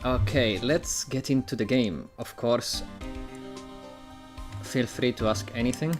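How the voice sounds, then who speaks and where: A man's voice: medium pitch, takes it slowly, long pauses. Brief: casual male game streamer from Italy, answers chat, stumbles over read-out lines, light music underneath. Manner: chatty, answers chat, stumbles while reading aloud. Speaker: gaming streamer. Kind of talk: casual livestream commentary and reading.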